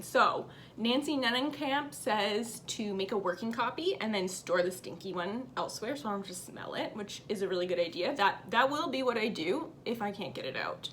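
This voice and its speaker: A woman's voice: mid-range voice, lively intonation, moderate pace, hardly any pauses, a bit bright, a little hiss or hum. A woman hosting a cross-stitch vlog, chatting upbeat to camera and reading out viewer comments at home. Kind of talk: casual chat to camera.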